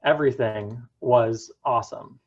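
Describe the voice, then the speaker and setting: A young man tells a personal story in an earnest, unhurried voice, leaning into dramatic pauses. His pitch sits in an ordinary middle range. The sound is a little dull and lo-fi. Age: young adult. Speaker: student speaker. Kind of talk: prepared personal talk.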